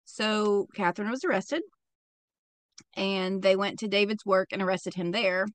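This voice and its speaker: Speaking a little slowly in a mid-range voice, a young female podcaster recounts true crime casually. She's talkative, swears often, and says "like" constantly. There's no room sound, just dry, close-up audio.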